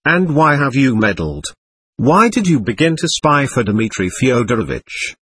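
A man reading the part of a proud, irritable young gentleman who speaks abruptly and sullenly. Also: medium pitch, very animated, unhurried, slightly rough, exaggerated voice.

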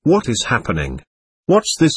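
A man voicing a scheming, shameless old buffoon who taunts everyone, in a lively, husky storybook reading. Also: mid-range voice, moderate pace, no echo. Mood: mocking. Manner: impudent, taunting.

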